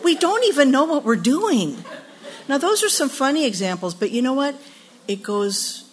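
At a women's retreat, a woman in her sixties delivers a storytelling sermon, sharing funny stories with laughter before earnestly teaching scripture. Her voice is on the high side.

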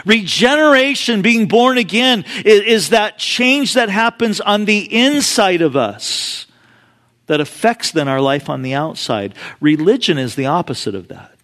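A man's voice: high-pitched, sing-song, a little slow, fairly bright tone. A male pastor preaching a sermon in a conversational, storytelling way with frequent casual asides.

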